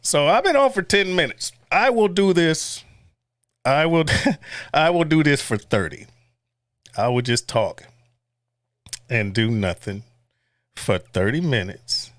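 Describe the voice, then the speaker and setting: A man's voice: fairly high pitch, fairly bright tone, no room sound. A man hosting a casual livestream, blunt and profane, chuckling often and reading viewer chat aloud. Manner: chuckles often between remarks. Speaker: livestream host.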